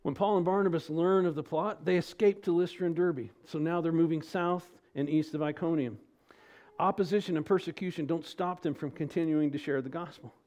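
A man preaching an expository sermon as pastor, asking rhetorical questions, his pitch and loudness rising and falling. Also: fairly quick.

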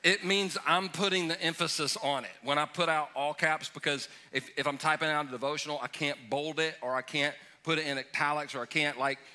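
A man's voice: on the high side, fairly even intonation, brisk, few pauses, sharp tone. A man pastor leading a question and answer sermon in a church, talking casually with jokes and emphatic asides. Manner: conversational, joking, emphatic preaching. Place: church sanctuary.

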